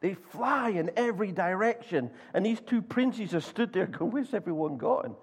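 A man's voice: high-pitched, breathy edge. A man with a Scottish accent preaching a sermon in church, acting out voices as he tells stories, with frequent stumbles and restarts. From Scotland. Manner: animated storyteller, acts out voices, halting restarts. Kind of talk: sermon with storytelling.

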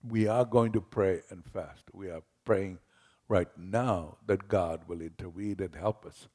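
A man's voice: deep voice, measured pace, darkish tone. A man as pastor, giving a conversational sermon that retells scripture in everyday words.

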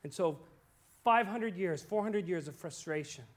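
A male pastor delivers a sermon in a fairly high voice. He swings between soft, hushed moments and loud, impassioned pleas. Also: lively intonation, unhurried.

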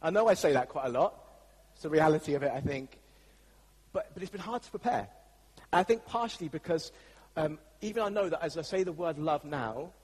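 An English man gives a sermon in a slightly higher-than-usual, husky voice. His delivery is chatty and anecdotal, full of ums and restarts. The sound carries a long reverb from a church hall. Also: a little mellow. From England. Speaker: pastor.

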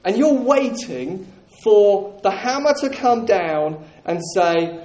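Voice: mid-range voice, animated, slow, a little mellow. A preacher delivering a sermon, emphatic and repeating key phrases, with jokes for the congregation. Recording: roomy echoing hall.

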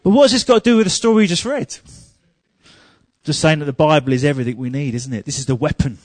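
A man preaching a sermon, telling humorous stories and growing loud and emphatic. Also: on the high side, fast talker, dry recording.

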